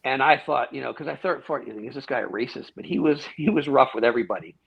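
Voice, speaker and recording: A middle-aged man telling stories in a relaxed interview. He acts out other people's lines and often restarts his sentences. The recording is dull and lo-fi. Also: medium pitch, fast, creaky, husky. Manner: animated storyteller, acts out quoted dialogue, frequent restarts. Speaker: guest, former police officer. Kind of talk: casual storytelling interview. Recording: dull, lo-fi sound.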